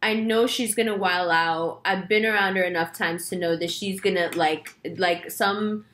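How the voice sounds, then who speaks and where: Young woman, tarot reader, casual chat, lively storyteller, quotes people in voices. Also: mid-range voice, moderate pace. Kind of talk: casual monologue to camera.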